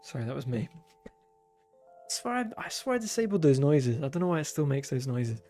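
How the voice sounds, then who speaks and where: A man's voice: mid-range voice, very animated, quick pace, dark tone, soft background music. A young man streaming, chatting casually while he draws, with dry self-deprecating humor. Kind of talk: casual chat while drawing.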